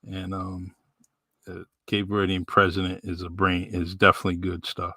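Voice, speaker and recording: A man with a New England accent hosting a podcast in a relaxed, rambling way with many fillers. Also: sits low, moderate pace, dry recording. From New Bedford, Massachusetts. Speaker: podcast host. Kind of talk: casual live-stream chat.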